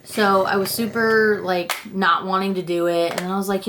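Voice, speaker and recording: A woman's voice: medium pitch, steady tone, moderate pace, few pauses, fairly bright tone, a little hiss or hum. A young woman vlogger chatting casually about her makeup, rambling and self-deprecating, with casual swearing. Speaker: beauty vlogger. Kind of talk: casual makeup declutter chat.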